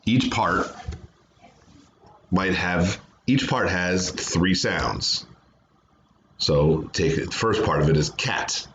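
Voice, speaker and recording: Deep-voiced guy teaching kids phonics from home, slow patient sounding out, kinda muffled. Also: fairly bright tone, slight background noise. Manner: patient, sounds words out slowly. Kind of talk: remote phonics lesson for children. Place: home, away from classroom.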